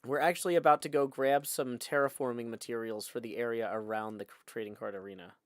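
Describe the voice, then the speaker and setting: A man's voice: mid-range voice, steady tone, fast talker, dry recording, studio quality. A man hosting a live game stream, chatting casually and reading viewer messages aloud.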